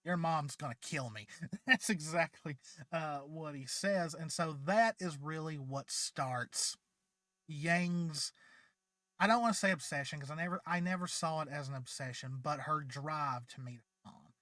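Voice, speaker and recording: A man's voice: on the high side, measured pace, pushed and bright, no echo, clean studio sound. A man hosting his channel, casually retelling a fan story in a chatty, rambling way with many fillers, and sounding tired. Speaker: channel host.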